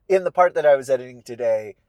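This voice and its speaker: A man, an author, talking reflectively about his stories, with halting, wandering phrasing. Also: mid-range voice, animated, darkish tone, no echo. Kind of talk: reflective solo talk.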